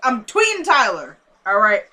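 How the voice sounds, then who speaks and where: A young woman recapping a TV episode in a chatty, animated way, talking straight to her viewers. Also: a little high, normal speed. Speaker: TV episode reviewer. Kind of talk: casual recap to camera.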